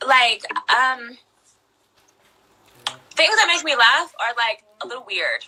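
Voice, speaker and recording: A woman's voice: on the high side, very animated, slow, sharp tone, low-quality recording. A young woman chatting as a guest in an interview, playful and self-deprecating, laughing often. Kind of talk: casual interview chat.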